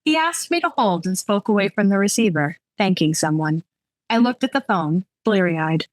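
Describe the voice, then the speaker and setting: A woman romance author, chatting candidly and reading aloud from her novel, self-deprecating and quick to laugh. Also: medium pitch, lively intonation, no echo, low-quality recording.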